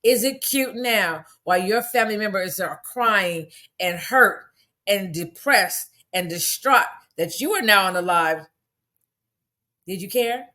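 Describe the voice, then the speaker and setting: A woman commentator rants angrily and profanely on a livestream, firing off one rhetorical question after another. Her voice is mid-range with a sharp tone, recorded on a phone microphone.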